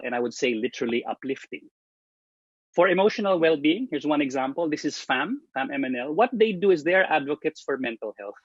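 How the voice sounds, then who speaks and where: A man giving a presentation on marketing, speaking emphatically, starting phrases high and letting them trail off. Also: husky, no echo. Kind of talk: presentation talk. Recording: dull lo-fi dry sound.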